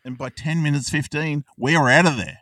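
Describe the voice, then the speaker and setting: A man, co-hosting a podcast in casual chat, retelling a film with animated bursts where he acts out the characters and swears casually. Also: fairly high pitch, a little fast, dry recording, studio quality, distant mic. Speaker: podcast co-host.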